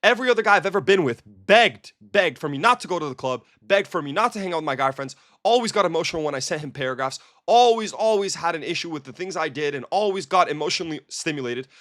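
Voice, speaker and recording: A man's voice: fairly high pitch, lively intonation, fast, hardly any pauses, a bit bright, no room sound, studio quality. A man quoting a surprised young girlfriend. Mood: musing. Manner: quoted inner thoughts, rising questions.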